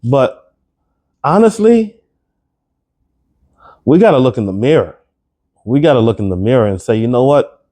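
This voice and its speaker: A man's voice: mid-range voice, sing-song, moderate pace, pauses often, mellow. A man giving his opinion straight to the camera, emphatic and incredulous, firing off rhetorical questions and repeating words as he gets worked up. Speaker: commentary vlogger.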